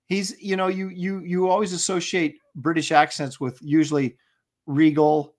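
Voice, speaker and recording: Higher-voiced middle-aged man chatting eagerly. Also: little pitch movement, moderate pace. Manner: enthusiastic, rambling with restarts. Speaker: co-host. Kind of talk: casual chat.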